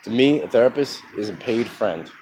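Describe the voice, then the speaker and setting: A man telling his own life story in a frank, halting way, pausing often with ums. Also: mid-range voice, lively intonation, a little mellow, low-quality recording. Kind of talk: candid personal monologue. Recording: outdoor traffic noise behind.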